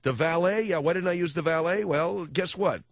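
A man's voice: fairly high pitch, normal speed, creaky, dry recording, dull audio. A man hosting a radio talk show, telling rambling comic stories with sarcastic asides. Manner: animated ranting storyteller, sarcastic asides. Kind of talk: rambling comic monologue on air. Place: radio studio.

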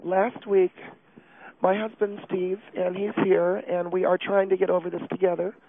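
A prim, distraught middle-aged wife, put on by a man, pours out a self-pitying confession in a halting, breathless voice. Her voice sits high and comes through a thin, phone-like line. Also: level tone. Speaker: caller.

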